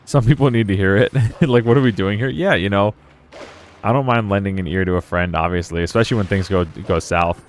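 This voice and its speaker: A man's voice: on the low side, a little fast, slight background noise. A young man chatting loosely while playing a video game, rambling through stories and laughing often. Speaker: gaming streamer. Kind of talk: casual let's play commentary.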